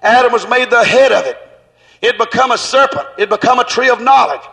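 High-voiced fervent male preacher, echoing hall. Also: a little fast, creaky. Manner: fervent, rhythmic, bursts into shouts. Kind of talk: sermon.

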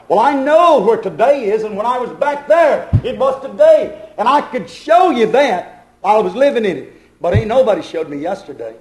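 A man preaching a sermon in a dramatic, rhythmic way that swells into shouts. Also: high voice, very animated, fairly quick. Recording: echoey room.

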